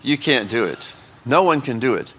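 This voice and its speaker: A man's voice: medium pitch, lively intonation, moderate pace, fairly bright tone, breathy edge. Man preaching a casual, joking sermon. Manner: conversational, joking, asks the congregation questions. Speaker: pastor. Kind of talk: informal sermon.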